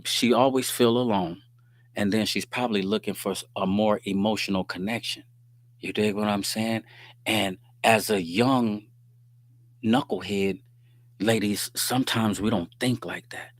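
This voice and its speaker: Low-voiced streetwise man, dry close sound. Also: a bit bright, no room sound. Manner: streetwise slang, storytelling, frequent "you dig what I'm saying". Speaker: host. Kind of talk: casual live-stream talk reading viewer comments.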